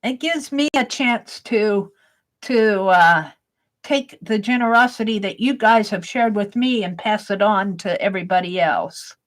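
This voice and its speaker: A woman's voice: mid-range voice, measured pace, rough recording. A woman hosting an art livestream, chatting casually with her viewers and telling a story while she crafts, in a rambling, giggly way.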